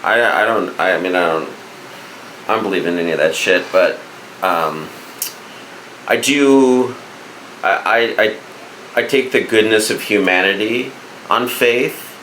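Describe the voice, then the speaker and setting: A man co-hosting a podcast in casual chat. He talks haltingly, with many stops and restarts. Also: on the low side, fairly bright tone, roomy sound, a little hiss or hum, low-quality recording. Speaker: podcast co-host.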